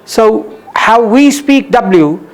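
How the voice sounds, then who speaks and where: A man with an Indian English accent explains pronunciation in a high, light voice, often pausing on ums and uhs. He takes his time and stops to demonstrate sounds like a patient teacher. Faint music sits under his voice. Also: expressive. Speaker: English and IELTS coach. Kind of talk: interview answers, teaching pronunciation.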